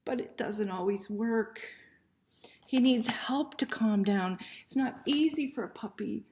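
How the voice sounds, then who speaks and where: A woman librarian reading a picture book aloud to children, gentle and soft-spoken, often dropping into a hushed near-whisper and asking the children questions. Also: fairly high pitch, unhurried, slight background noise.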